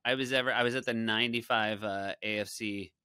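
A man's voice: fairly low pitch, fairly even intonation, brisk, bright, forceful tone, smooth, no echo, clean studio sound. A man guest on a podcast, chatting casually and rambling with self-deprecating humor.

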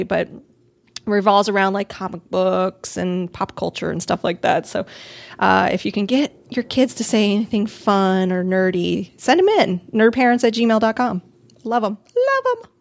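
A woman's voice: mid-range voice, creaky. A woman co-hosting a podcast, chatting casually, thanking listeners and introducing segments. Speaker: podcast co-host. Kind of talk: casual chat.

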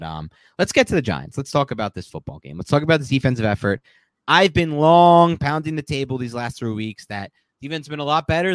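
Male sports podcast host, animated and opinionated, very dry close-miked sound. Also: fairly low pitch, no echo. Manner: animated, opinionated, laughs mid-sentence. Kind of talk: casual sports talk.

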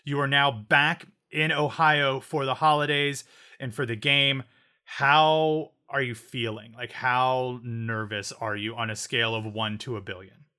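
A man's voice: mid-range voice, steady tone, unhurried, sharp tone. A man co-hosting a podcast in casual chat, chatty and joking, often restarting his sentences. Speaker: podcast co-host.

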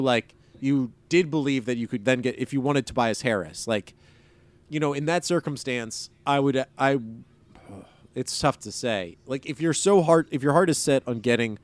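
A man co-hosting a sports podcast, chatting casually with plenty of fillers and a wry, rambling flow. His voice sits at an ordinary middle pitch, captured on a close mic with a dry sound and hardly any room echo. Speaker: podcast co-host.

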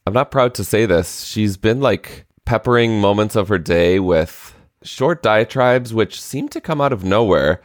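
A man in his thirties co-hosting a chatty podcast, telling a story thoughtfully with frequent pauses and restarts. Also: on the low side, no room sound, clean studio sound. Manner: reflective storytelling with many hesitations. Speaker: podcast co-host. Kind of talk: casual chat.

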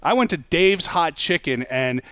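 A wisecracking man riffs through a casual podcast chat. His voice sits a little high and sounds dry and close to the mic. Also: animated, unhurried, pushed and bright, no echo. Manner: wisecracking, sarcastic. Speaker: podcast co-host.

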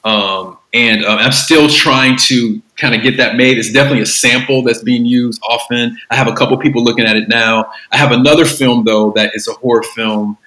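Male creative guest: bright tone, loose rambling delivery, roomy echo. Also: mid-range voice, fairly even intonation, a little fast, hardly any pauses. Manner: rambling, with many fillers and restarts. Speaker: filmmaker guest. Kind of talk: casual interview talk.

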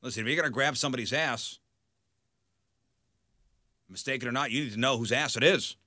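A middle-aged man co-hosting a radio show, telling stories in casual, animated banter. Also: mid-range voice, a little fast, no echo, clean studio sound. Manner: animated storyteller, yells for effect.

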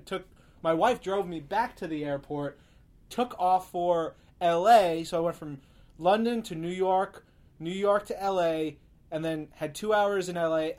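A man's voice: sits high, darkish tone. A man hosting a casual podcast, telling an upbeat story in a joking way. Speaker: podcast host. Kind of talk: casual chat.

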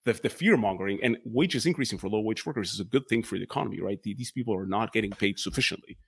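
A man explaining economics as a podcast guest, quick and hedging, full of "like" and restarts. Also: on the low side, gravelly, breathy edge. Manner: quick, hedging with many fillers. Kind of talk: casual explanatory talk.

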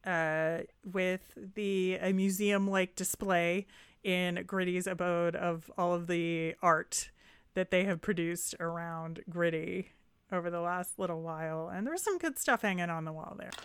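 Chatty low-voiced woman sports co-host. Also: unhurried, smooth, dry recording. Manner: upbeat, chatty, laughs easily. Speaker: podcast co-host. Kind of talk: casual sports chat.

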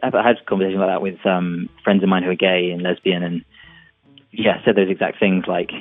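A man's voice: sits low, fairly even intonation, brisk, dry recording. A man speaking earnestly in a conversational interview, thoughtful with some restarts. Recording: tinny phone line with faint music.

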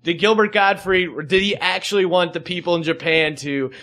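A man's voice: high voice, brisk, bright, forceful tone. A man hosting a podcast, ranting in casual chat with sarcastic asides. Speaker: podcast host.

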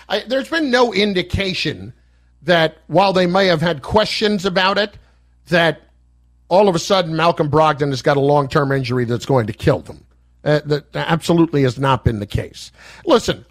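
Male radio host, fairly high voice, blunt and opinionated, studio mic. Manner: blunt, opinionated, fast-talking. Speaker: radio sports talk host. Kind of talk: sports talk radio. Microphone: studio microphone.

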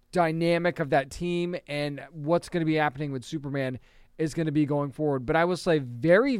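An eager man talking through comic books in a casual, chatty way, stumbling over words now and then. His voice is smooth and clear, sits a bit higher than most men's, and is recorded close and dry with no room sound. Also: no room sound. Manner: enthusiastic, chatty, with restarts and small laughs. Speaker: comic book reviewer. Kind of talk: casual review monologue.

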